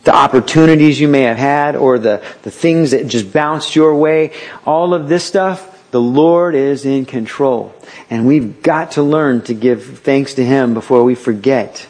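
Husky-voiced man preaching conversationally. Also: medium pitch, a little slow, darkish tone. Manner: conversational preaching with acted-out quotes. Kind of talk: sermon.

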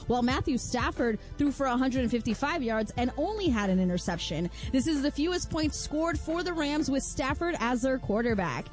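A woman anchoring a sports news update on the radio, reading scores in a brisk, clipped way. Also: high voice, darkish tone.

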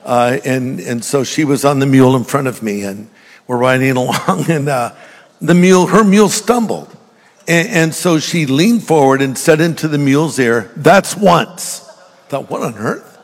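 A man's voice: mid-range voice, animated, normal speed. An older man preaching a sermon in a church, telling jokes and stories and speaking directly to the congregation. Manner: joking storyteller, direct with the congregation. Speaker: pastor. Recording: long reverb of a large hall.

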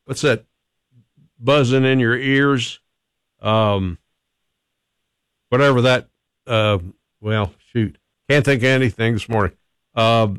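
A man's voice: medium pitch, fairly bright tone, dry recording. Folksy rambling male radio host. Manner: folksy, rambling, self-deprecating. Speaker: radio talk show host. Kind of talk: casual morning radio chat.

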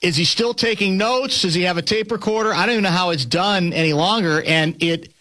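A man's voice: sits high, a little fast, pushed and bright. A man co-hosting a sports talk show, chatting casually, laughing often and restarting his sentences.

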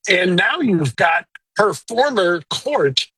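Lawyer guy answering interview questions, kinda husky, a bit high, blunt about it. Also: very animated, sharp tone, dry recording, rough recording. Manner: blunt, opinionated, measured. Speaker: lawyer guest.

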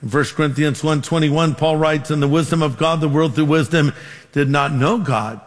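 Male pastor, sermon, lively storytelling, slightly high voice, long hall echo. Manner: storytelling with quoted dialogue, numbered points.

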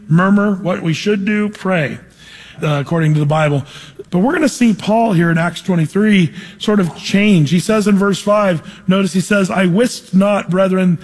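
A man preaching an expository Bible teaching, animated and conversational, asking his congregation questions as he reads the passage. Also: high-pitched. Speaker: pastor. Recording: long hall reverb.

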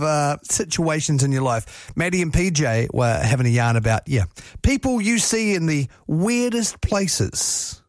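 A man's voice: on the high side, no room sound, clean studio sound. A man hosting radio, chatting loosely between songs with plenty of fillers. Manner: chatty, rambling with many fillers. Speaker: radio host. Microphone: studio mic.

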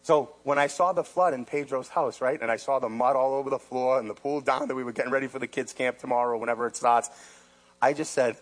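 A male pastor preaching a sermon in an animated, emphatic way, often repeating his phrases. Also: medium pitch, quick pace.

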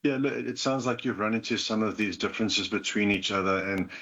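A man giving gentle, counselling relationship advice to a caller on a talk show. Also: on the low side, fairly quick, breathy edge, lo-fi sound.

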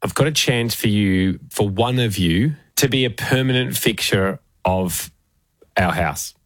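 A man's voice: fairly low pitch, measured pace, no room sound. Chatty man telling a story. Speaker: co-host. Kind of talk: casual podcast storytelling.

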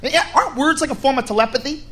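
A man doing stand-up comedy, telling profane stories in an animated way before a live audience. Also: extremely high pitch, fast. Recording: live club recording with audience. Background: audience noise.

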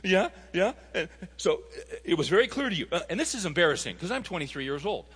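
A man's voice: on the high side, sing-song, fast talker, long reverb tail, background noise. A man preaching a sermon, telling stories and rising to emphatic appeals to his listeners. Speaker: pastor.

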